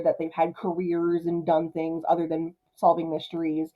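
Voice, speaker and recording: A woman's voice: fairly low pitch, level tone, phone-quality sound. Chatty woman reviewing a cartoon movie. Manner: chatty, jumps into quick character voices. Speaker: film reviewer. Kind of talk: casual commentary.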